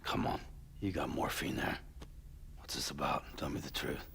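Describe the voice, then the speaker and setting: A deep-voiced weary courier. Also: male voice, moderate pace, creaky, fairly bright tone, a little hiss or hum, exaggerated voice. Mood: guarded. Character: gruff weary male courier, guarded and doubtful. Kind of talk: video game cutscene dialogue.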